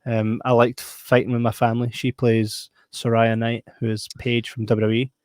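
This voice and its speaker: A man's voice: mid-range voice, level tone, moderate pace, a little mellow, clean tone, no room sound, clean studio sound. Laid-back Scottish man giving blunt views. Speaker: podcast co-host. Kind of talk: casual film review chat.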